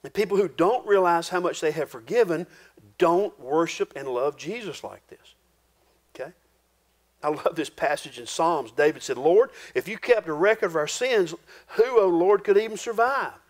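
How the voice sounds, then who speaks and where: A man with a fairly high voice preaching to his congregation. His talk is folksy and homespun, full of rural turns of phrase, and he sinks his voice low and quiet for the weighty points. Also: expressive, moderate pace. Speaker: pastor. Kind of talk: sermon.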